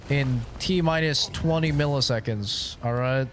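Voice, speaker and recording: A man's voice: medium pitch, measured pace, fairly bright tone, soft background music. A young man streaming a game, chatting casually in a crude, joking, ranting way. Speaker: gaming streamer. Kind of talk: casual live-stream chat.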